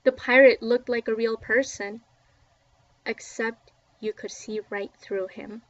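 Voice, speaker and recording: A woman reading a children's book aloud with expressive, dramatic storytelling, recorded dull and a little distant from the mic. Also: fairly high pitch, slow pace, dry recording. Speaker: book reader.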